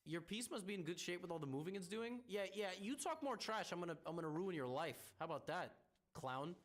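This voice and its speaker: A man's voice: sits high, big pitch swings, a little fast. A man playing chess and thinking his moves through aloud, with stammering restarts and wry teasing of his opponent. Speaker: chess streamer.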